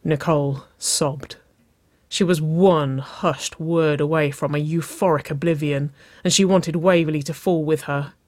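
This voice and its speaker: A reader narrates intimate fiction at a very slow, soft pace. The voice stays hushed and even in mid pitch. It sounds close-miked and completely dry. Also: dry recording.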